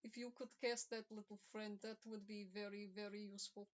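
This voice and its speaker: A woman voicing a stern, formal grey toon stranger who speaks in slow, clipped phrases. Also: medium pitch, little pitch movement, highs cut off, natural voice. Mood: gentle.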